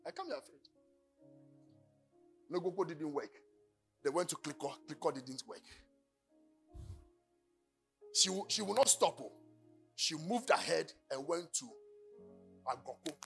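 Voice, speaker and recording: A man with a Ghanaian accent preaching a sermon. He shouts at the peaks and drops to low storytelling. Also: lively intonation, normal speed, vocal fry, faint music behind. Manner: fiery, shouting at the peak then dropping to low storytelling. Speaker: pastor.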